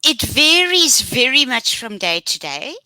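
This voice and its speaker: A woman guest teacher answering interview questions over a video call in a measured, unhurried way. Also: high-pitched, very animated, pushed and bright, no room sound, rough recording.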